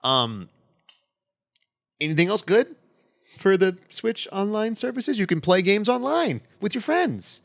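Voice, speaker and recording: A man talks games with his co-host, his pitch rising and falling a lot as he argues his opinions. He laughs easily and jokes in a loose, casual way. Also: measured pace, gravelly, long pauses. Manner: opinionated, animated, laughs often. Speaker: podcast co-host. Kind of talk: casual chat.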